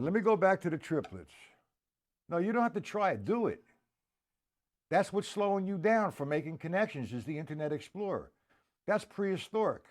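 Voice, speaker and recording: A man giving a live-streamed drum lesson, counting beats aloud, joking and answering viewers by name. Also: fairly high pitch. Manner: casual, joking. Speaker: drum teacher.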